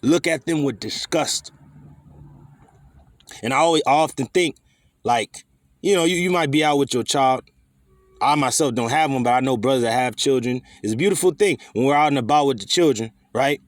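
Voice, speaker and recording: A man's voice: medium pitch, normal speed, no room sound, studio quality. A man teaching scripture in a fiery, scolding way, swearing freely and firing rhetorical questions. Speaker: preacher.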